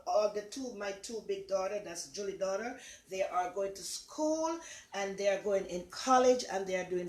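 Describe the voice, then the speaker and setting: An older woman with a Jamaican accent chats her way through a home cooking vlog, rambling and affectionate as she talks. Her voice sits at an everyday middle pitch. The recording has the roomy echo of a bare kitchen. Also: darkish tone. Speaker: cooking show host. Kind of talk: casual cooking vlog chat. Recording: echoey kitchen.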